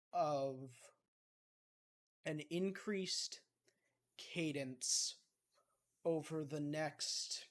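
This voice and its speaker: A man moderating a casual space debate, stumbling over his words and restarting his questions. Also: fairly high pitch.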